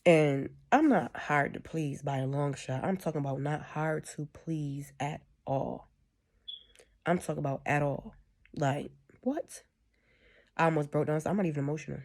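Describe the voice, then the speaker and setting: A woman's voice: sits low, steady tone, fairly quick, darkish tone. A woman giving a casual, rambling spiritual monologue, often checking in with "you know what I'm saying.". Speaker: spiritual speaker.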